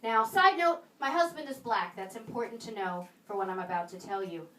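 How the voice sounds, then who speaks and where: A woman performing a stand-up comedy set, with wry, sarcastic asides and pauses before punchlines. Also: medium pitch, expressive, a bit bright, slight background noise. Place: small comedy venue in a video store, live audience. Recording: roomy live room, mic a bit distant, audience laughter.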